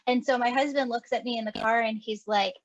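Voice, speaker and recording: A woman's voice: on the high side, fairly quick, no room sound, highs cut off. A woman hosting a podcast, chatting casually and acting out quoted dialogue as she tells a story. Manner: animated, acts out quoted dialogue with laughs. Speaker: podcast host and medium.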